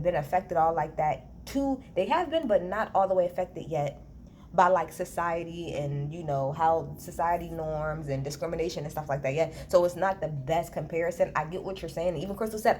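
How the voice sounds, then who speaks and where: A woman recording a casual reality TV recap on a handheld phone, talking to her viewers in a blunt, animated rant full of profanity. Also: on the low side, slight background noise. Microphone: handheld phone, no tripod.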